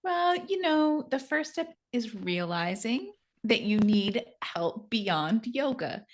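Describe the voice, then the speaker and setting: A woman's voice: a little high, lively intonation, slow pace. A woman co-hosting a podcast who chats casually and makes dry, wry jokes. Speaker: podcast co-host. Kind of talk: casual chat.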